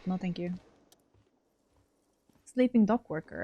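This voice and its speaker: A woman's voice: medium pitch, slow pace, pauses often, a little mellow, no room sound. Chatty woman streaming a game. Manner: chatty, thinking aloud, reads choices aloud. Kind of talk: casual let's-play commentary.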